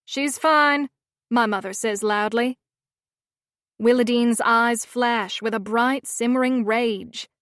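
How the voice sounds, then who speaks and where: A woman's voice: a little high, fairly even intonation, slow, dry recording, clean studio sound. A woman narrating a romance audiobook in the first person, with a wry, sardonic manner.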